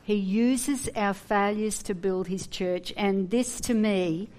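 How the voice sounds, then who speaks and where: A woman preaching a sermon, earnest and animated, with humorous asides. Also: medium pitch, slow pace, slight background noise.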